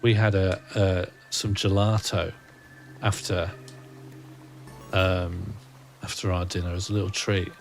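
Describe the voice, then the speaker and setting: A man's voice: sits low, level tone, a little slow, pauses often, faint music behind. A man, streaming a game and rambling wryly to himself and his chat. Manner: musing, rambling self-talk, wry. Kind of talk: casual gaming livestream chat.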